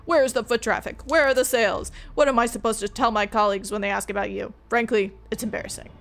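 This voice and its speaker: A woman's voice: on the high side, fairly even intonation, quick pace, creaky. A woman doing a stern rich father scolding his son. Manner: blunt, scolding, loud.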